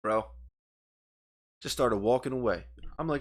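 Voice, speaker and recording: A man's voice: mid-range voice, moderate pace, long pauses. Heated, swearing podcast co-host man. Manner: heated, profane, animated storytelling; gestures with his hands while talking. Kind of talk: casual podcast chat, storytelling rant. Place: podcast studio. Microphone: studio microphone.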